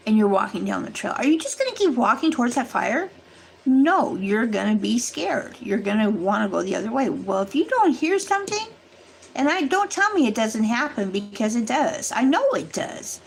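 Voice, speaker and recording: A livestream host talks casually and earnestly straight to her viewers, rambling as she warns them. Her voice is fairly high and gravelly, and the poor audio carries slight background noise.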